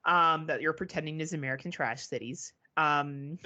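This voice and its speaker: A woman from Canada co-hosts a movie review podcast, talking in a casual, frank and profane way. Her voice sits a little low but sounds very bright and forward. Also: normal speed, dull audio. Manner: frank, profane, laughs often. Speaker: podcast co-host. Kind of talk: casual chat.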